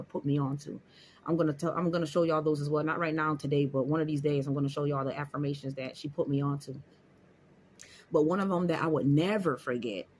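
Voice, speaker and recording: There's slight background noise as a motivational vlogger with a fairly high, somewhat mellow voice addresses his viewers on camera. His casual talk is emphatic and full of repetition.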